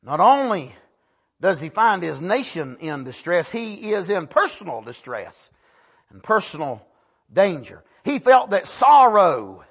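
Male preacher, high and bright, fervent sermon delivery, builds to shouts. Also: sing-song, breathy edge. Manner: impassioned, drawn-out emphasis, rising to shouts; calls out "Amen" between points.

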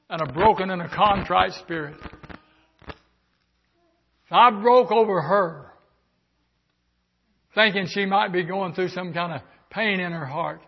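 Older male preacher, high-pitched, fervent, dull lo-fi church tape. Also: takes it slowly, pauses often, breathy edge. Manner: fervent preaching, swings from quiet to shouting. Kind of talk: sermon.

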